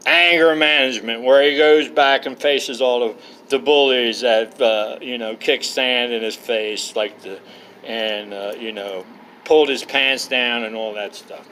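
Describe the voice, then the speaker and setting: A man's voice: mid-range voice, fairly even intonation, a little slow, sharp tone, a little hiss or hum, rough recording. A middle-aged man vlogging from a campsite, telling rambling personal stories in a colloquial way, full of uhs and asides. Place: outdoors at a campsite.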